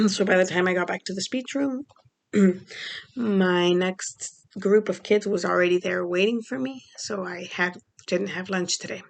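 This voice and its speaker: Chatty woman with a gravelly voice. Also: unhurried. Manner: chatty, frequent fillers and clearing of throat; acts out quoted people with pitch jumps. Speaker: vlogger; school speech therapist. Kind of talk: casual storytelling vlog.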